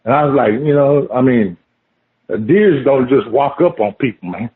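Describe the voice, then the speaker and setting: Man, casual storytelling, animated, swearing, "man" often, phone-line audio. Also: medium pitch, moderate pace. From Oklahoma. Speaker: guest telling an encounter story.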